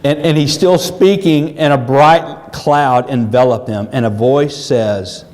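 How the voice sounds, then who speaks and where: A man's voice: medium pitch, takes it slowly. A man preaching a sermon, joking and acting out the voices of the people in his story. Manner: animated, joking, acts out quotes. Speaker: pastor. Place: church sanctuary. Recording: long hall reverb, faint noise.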